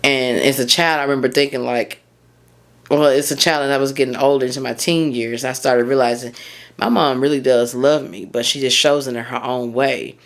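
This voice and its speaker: With a very deep voice at normal speed, a woman who coaches mindset hosts a solo podcast. Her talk is open and sincere, though she wanders and tends to lose the thread of what she's saying.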